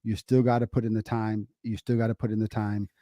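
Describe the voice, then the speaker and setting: Middle-aged man, mellow warm tone, dry close mic, animated storyteller, casual podcast chat. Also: lowish voice, fairly quick, dry recording. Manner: animated storytelling, repeats phrases for emphasis. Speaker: podcast co-host, father.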